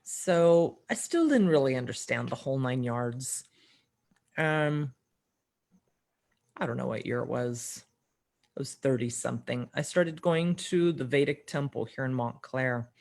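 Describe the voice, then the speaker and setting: A woman's voice: extremely low pitch, expressive, a little slow, gravelly, a little mellow. A middle-aged woman, a podcast guest, telling a personal story in conversation. She acts out the dialogue, often shifting her voice for the quotes, and laughs now and then.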